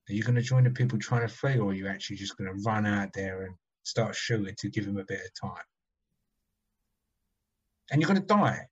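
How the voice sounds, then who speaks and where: Husky guy on a podcast, blunt and grim, kinda dull lo-fi sound. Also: on the low side. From London. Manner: blunt, grim, sobering, swearing. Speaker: podcast co-host. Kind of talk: casual chat.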